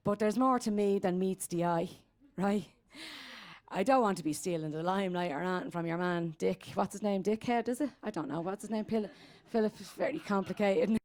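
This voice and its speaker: A woman's voice: mid-range voice, fairly quick, a little mellow, natural voice. A woman doing Growler, a crude old Dubliner. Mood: bawdy. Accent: Dublin Irish. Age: 80s. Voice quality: crude, rambling, streetwise. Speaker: comedy character guest. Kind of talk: stand-up character monologue.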